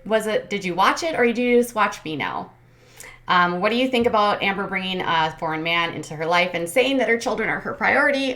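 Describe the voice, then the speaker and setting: A woman's voice: lowish voice, pushed and bright. A woman hosting a commentary channel, recapping casually in a chatty, sarcastic, critical way. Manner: sarcastic, critical, chatty with many ums and likes.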